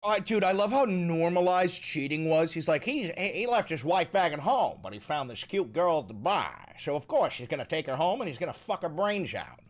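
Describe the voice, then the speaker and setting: A man's voice: fairly high pitch, very animated, a little fast, hardly any pauses, a little hiss or hum. A man in his thirties hosting a reaction stream, talking in a profane, emphatic, ranting way. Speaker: political commentary streamer.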